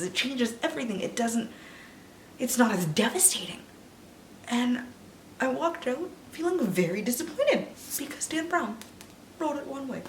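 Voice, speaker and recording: A young woman in her twenties, a book vlogger, ranting casually about films in an animated, swearing way while a little tipsy. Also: on the high side, slight background noise. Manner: animated, swearing, drops to whispers. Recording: echoey room, mic a bit distant.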